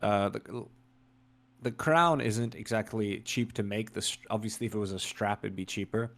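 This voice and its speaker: Low-voiced easygoing podcast co-host, a man. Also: moderate pace, fairly bright tone. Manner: easygoing, wry, often adds "you know". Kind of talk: casual chat.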